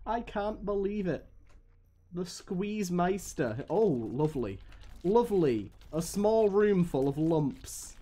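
A man giving live gameplay commentary as a streamer, swearing often and swinging between weary groans and excited yelps. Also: a little high, a little slow.

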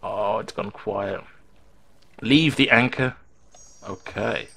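A man's voice: on the low side, slow pace, creaky, a bit bright, a little hiss or hum. A man giving casual let's-play commentary on a horror game, panicking, laughing and chattering to himself into a desktop mic at home. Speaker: gamer playing a horror game. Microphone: desktop microphone. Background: game music.

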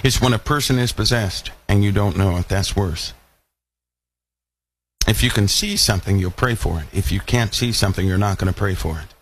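A man's voice: on the low side, moderate pace, slight background noise. A man preaching a live online Bible lesson, asking many rhetorical questions. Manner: animated, full of rhetorical questions.

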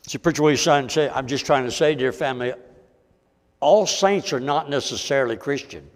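A man preaching a folksy sermon, swinging between loud and hushed. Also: mid-range voice, moderate pace, pauses often, big-room sound.

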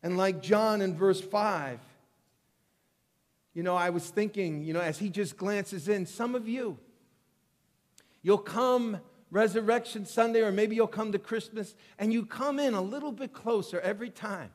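A man preaching a sermon as pastor, telling the story with animated, acted-out voices and frequent restarts. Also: high-pitched, a little slow. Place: church sanctuary. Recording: long reverb of a church hall.

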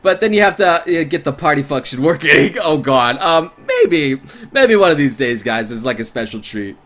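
A man streaming a visual novel, reading its narration aloud and reacting in an excitable, jokey way. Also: fairly high pitch, moderate pace. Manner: excitable, jokey, breaks into laughter.

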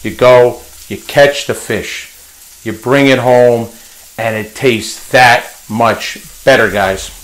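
Slow, chatty man cooking at home. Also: mid-range voice, a bit bright, a little hiss or hum, poor audio. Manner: chatty, repeats himself, calls viewers guys. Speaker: home cook, channel host. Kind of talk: casual cooking vlog. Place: home kitchen.

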